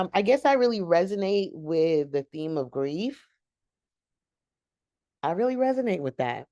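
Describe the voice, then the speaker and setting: A woman's voice: on the low side, big pitch swings, normal speed, pauses often, mellow, no room sound, dull audio. A woman hosting a casual, rambling TV recap and talking straight to her viewers as "y'all.". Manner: chatty, addresses viewers as y'all; long-winded and rambling. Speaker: TV show recap host.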